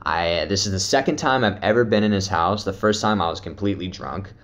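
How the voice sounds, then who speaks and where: A man's voice: low voice, fairly quick, a bit bright. A young man casually telling a story as a vlogger, loose and profane, laughing often and full of fillers. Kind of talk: casual storytelling, trip report.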